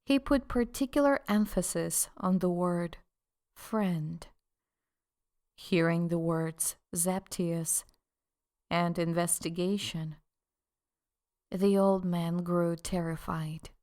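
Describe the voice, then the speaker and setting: A woman reads an audiobook in a measured, deliberate manner. Her voice sits on the low side. She takes her time over every phrase. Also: fairly even intonation, a little mellow. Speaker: audiobook narrator. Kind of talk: scripted narration.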